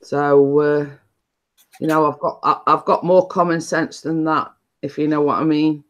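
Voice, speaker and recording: A woman's voice: low voice, fairly even intonation, measured pace. A woman hosting a chatty live stream, telling stories in a rambling way with many restarts.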